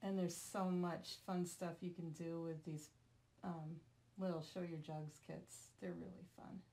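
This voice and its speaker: A woman's voice: fairly low pitch, level tone, a little slow, mellow. A woman from Vermont talking casually while demonstrating a craft project, chatty and self-deprecating, joking with someone off camera. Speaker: craft tutorial host.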